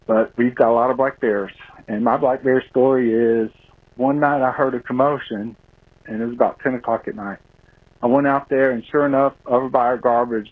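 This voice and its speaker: Man telling a story over a phone line. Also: medium pitch. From Florida, US. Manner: animated storyteller, acts out his shouts. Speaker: caller.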